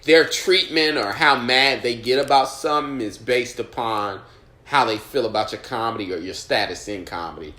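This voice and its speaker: A man's voice: medium pitch, normal speed, pushed and bright, echoey room. A man, a stand-up comedian and podcast guest, telling stories in casual chat with a blunt, profane, fired-up manner.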